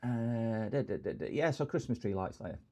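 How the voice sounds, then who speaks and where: A man's voice: medium pitch, big pitch swings, moderate pace. A middle-aged English man hosting a repair livestream, chatting casually and joking with viewers, rambling between topics. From England. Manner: rambling, jokey, greets chat warmly with bursts of loud hellos.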